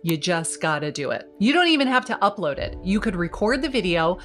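With a voice on the low side and a slightly quick delivery, a fifties-aged video marketing coach addresses the camera in an energetic, emphatic and encouraging motivational talk.

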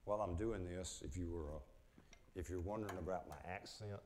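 A man's voice: low voice, a little fast. Older guy w/ a northwest florida drawl showing woodturning, folksy, echoey hall, bit of noise. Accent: northwest Florida Southern. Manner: folksy, explains step by step. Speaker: woodturning instructor. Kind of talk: live workshop demonstration.

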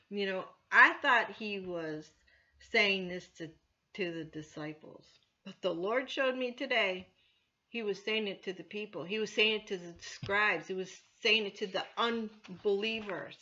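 A woman's voice: medium pitch, a little slow, bright, forceful tone. A woman church elder teaching from the Bible in an informal, earnest way, full of "you know" fillers. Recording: dull lo-fi recording.

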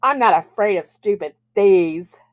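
A woman reading aloud, voicing a blunt, excitable young man with Down syndrome in a storybook. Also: mid-range voice, measured pace, narrow, tinny audio, lightly acted. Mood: insistent. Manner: blunt, loud outbursts.

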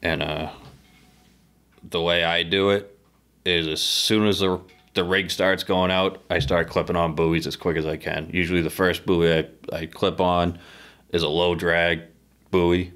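A man from the northeastern United States telling a harpooning story as a podcast guest, swearing freely and animated in the retelling. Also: sits low, a little slow. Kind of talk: casual storytelling over beers.

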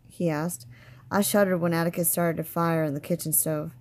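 A woman teacher reading a novel aloud in a steady, expressive way. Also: low voice, normal speed.

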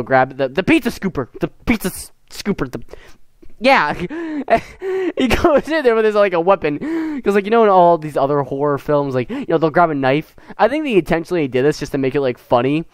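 A man's voice: fairly high pitch, no room sound. Giggly American teen boy reviewing a film. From United States. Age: teens. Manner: rambling, giggly, full of fillers and restarts. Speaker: gaming YouTuber.

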